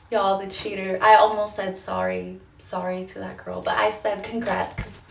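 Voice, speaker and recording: A woman's voice: medium pitch, fairly even intonation, unhurried, vocal fry, few pauses, echoey room, distant mic. Woman, sassy gossiping storyteller, addresses her viewers directly, everyday mid-range voice. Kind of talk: casual get-ready-with-me storytime.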